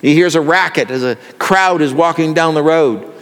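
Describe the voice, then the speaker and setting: A man's voice: fairly high pitch, moderate pace, clean tone, big-room sound. A male pastor delivering an earnest sermon that builds in intensity.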